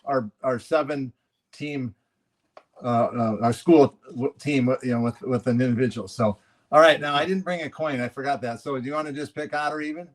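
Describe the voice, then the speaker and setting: A man's voice: mid-range voice, normal speed. A man co-hosting a podcast in casual chat, explaining things in an easygoing way. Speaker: podcast co-host.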